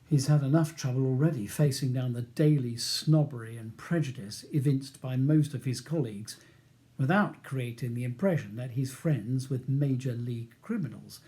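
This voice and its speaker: A man reading his own novel aloud as an audiobook, in a measured, even narration. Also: mid-range voice.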